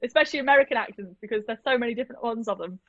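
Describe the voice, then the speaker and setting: As a guest in a casual video-call interview, a British airsoft player and vlogger chats self-deprecatingly. She talks very fast in a slightly high, somewhat bright voice, recorded lo-fi with no echo.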